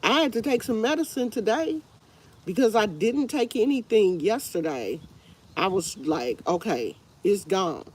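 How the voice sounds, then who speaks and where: A woman's voice: medium pitch, lively intonation, measured pace, darkish tone, breathy edge. A woman hosting a casual livestream, congested with a stuffy nose, rambling in a tired, fed-up way. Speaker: livestream host. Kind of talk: casual live chat with viewers.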